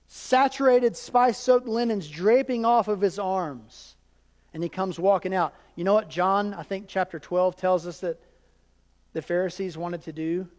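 A man's voice: sits high, darkish tone. A man preaching a sermon, talking to the congregation in a conversational way and tossing asides to the crowd. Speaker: pastor. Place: church sanctuary. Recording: long reverb of a church hall.

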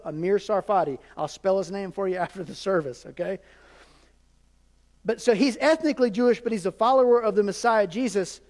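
A male pastor preaching a sermon in an animated, conversational way, often checking in with his congregation. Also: sits high. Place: large church hall. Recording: hall reverb.

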